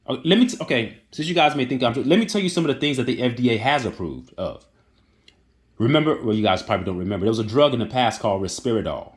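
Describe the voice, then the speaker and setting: A man delivering an indignant, emphatic opinion rant that repeats its points for emphasis. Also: medium pitch. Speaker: online commentator.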